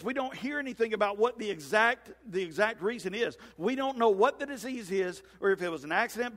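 A man with a drawl preaches a sermon, folksy and lively in the way he talks. His voice sits high for a man. The sound carries a long hall reverb around it. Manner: folksy, animated, acts out scenes in comic voices. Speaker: pastor.

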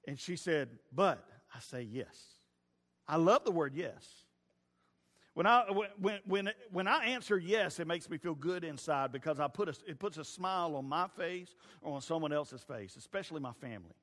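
High-voiced preacher in a hall. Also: male voice, animated, moderate pace, fairly bright tone. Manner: folksy, storytelling, stumbling restarts. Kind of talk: sermon with personal stories. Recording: long reverb of a large hall.

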